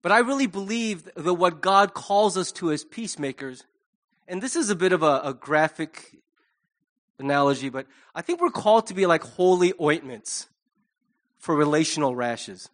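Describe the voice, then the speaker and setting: A male pastor with a high, light voice delivers a sermon in a relaxed, conversational way. He jokes with the congregation and acts out little scenes as he goes. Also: normal speed. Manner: conversational and humorous, with acted asides. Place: church.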